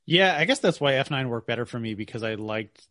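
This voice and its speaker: A man co-hosting a podcast, giving blunt, disparaging opinions in casual chat. His pitch swings widely as he talks, and the sound is dry and close to the mic. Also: lively intonation, fairly quick, a bit bright, no echo. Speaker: podcast co-host.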